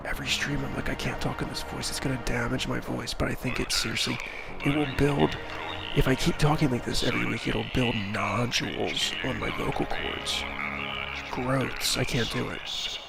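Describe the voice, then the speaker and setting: Rambling gravelly-voiced male streamer. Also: medium pitch, fairly even intonation, normal speed. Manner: rambling, self-deprecating, jokey asides. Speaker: streamer playing a video game. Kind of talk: casual live-stream chat. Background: video game music.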